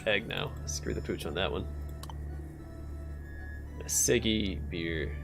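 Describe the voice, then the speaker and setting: A man's voice: sits low, slow pace, creaky, over music. A man hosting a let's play, chatting casually and wryly while he plays. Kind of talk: casual gameplay commentary.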